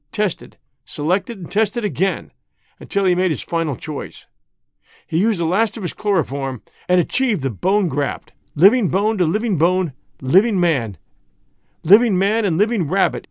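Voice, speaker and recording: A man narrating a classic story in a measured, dramatic reading. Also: a little high, dry recording, clean studio sound.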